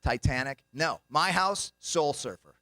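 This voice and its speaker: A man's voice: fairly high pitch, unhurried, pushed and bright, no echo. A young man doing a comedy routine as a banquet speaker, telling jokey stories and acting out the voices of people in them. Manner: jokey storytelling, acts out quoted voices. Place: banquet hall.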